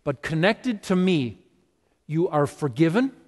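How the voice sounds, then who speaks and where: Jesus, as a preacher plays him, earnest and commanding. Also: male voice, a little high, very animated, a little slow. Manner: earnest, direct address. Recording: long reverb of a large hall.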